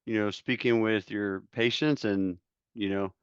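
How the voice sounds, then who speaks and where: Brief: male interviewer, low smooth voice, dry muffled recording. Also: steady tone, unhurried, no room sound. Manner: attentive, encouraging listener. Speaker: interview host. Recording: dull, dry close mic.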